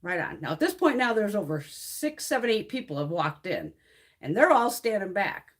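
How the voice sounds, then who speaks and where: A woman's voice: mid-range voice, normal speed. A middle-aged woman telling a long story with lots of swearing on a beauty livestream, acting out what everyone said. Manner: profane, animated storytelling, acts out quoted voices.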